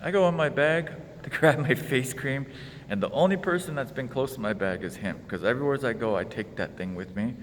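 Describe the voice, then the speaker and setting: A man's voice: medium pitch, brisk, in a large hall, slight background noise. A man telling an exasperated, casual story in his vlog. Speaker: vlogger.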